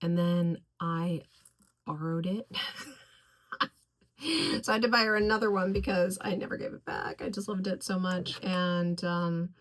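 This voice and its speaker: A woman reviewing fragrances in a casual video, gushing over each scent and slowly listing its notes. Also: on the low side, steady tone. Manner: effusive, gushing about scents; slow, deliberate listing of notes.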